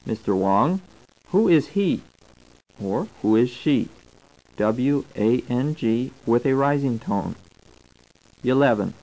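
A man reading a scripted language course, slowly spelling out words and their tones. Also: mid-range voice, lively intonation, mellow, low-quality recording. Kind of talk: scripted instructional narration. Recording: old tape recording.

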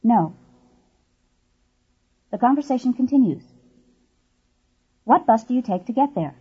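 Female course narrator, husky and mellow, measured scripted delivery, dull lo-fi tape. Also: fairly high pitch, expressive. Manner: clear, measured explaining.

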